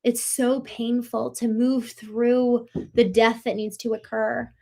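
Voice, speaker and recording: A woman's voice: fairly high pitch, flat delivery, takes it slowly, gravelly, a little mellow. Effusive woman hosting a live stream. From Maryland, US. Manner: effusive and reflective, with many fillers and restarts. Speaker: host of a live show. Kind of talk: live-stream talk answering chat comments.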